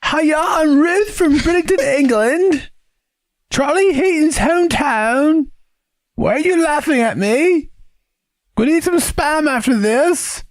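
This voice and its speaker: A man doing a shrill falsetto impression of a British woman reading a listener letter. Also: expressive, measured pace, dry recording, exaggerated voice. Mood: hammy.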